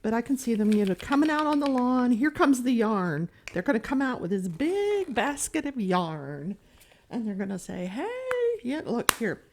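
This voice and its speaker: A woman's voice: on the high side, sing-song, moderate pace, a little mellow, slight background noise. A woman chatting casually while she works on a diamond painting, rambling and poking fun at herself. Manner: rambling, self-mocking, chatty. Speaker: crafting vlogger.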